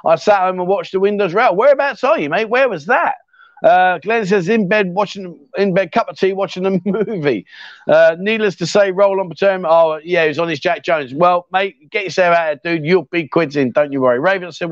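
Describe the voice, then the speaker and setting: A middle-aged Englishman hosts a live stream, reading out viewers' comments in casual, jokey, matey chat packed with "mate" and "fair play." His voice is high and his pace moderate. The sound is dry and slightly dull, with no echo.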